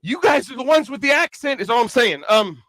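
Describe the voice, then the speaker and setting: A man with a Kentucky accent preaches to young people in a high, bright voice, mixing jokes into the sermon. The sound is dry and close, with no room echo. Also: brisk. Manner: chatty, joking, animated preaching. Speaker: youth rally speaker. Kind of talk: conversational sermon with comic asides.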